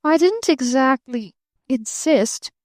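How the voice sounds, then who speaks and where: A rattled young man who stammers and covers with dry irony, as a woman narrator puts him on. The voice sits on the high side for a man and the sound is dry and close. He talks in a wry, uneasy way in this audiobook. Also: expressive, takes it slowly, no echo. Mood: flustered. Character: flustered, ironic young man. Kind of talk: audiobook character reading.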